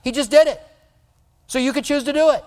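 A male pastor giving a conversational sermon, animated and now and then mimicking other people's voices. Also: very high-pitched, a little fast, big-room sound.

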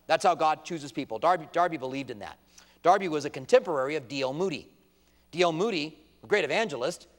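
Male pastor, high-pitched, passionate pulpit delivery with emphatic peaks, recorded with hall reverb. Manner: impassioned, rising to emphatic outbursts, quotes opponents in mock voices. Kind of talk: sermon. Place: church sanctuary at a pulpit. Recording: long reverb of a large hall.

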